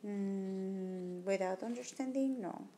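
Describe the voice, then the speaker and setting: A woman teacher with a medium-pitched, warm voice takes her time walking through test questions. Recorded on a tablet microphone, she talks through each answer choice and eliminates them one by one in this test-prep lesson.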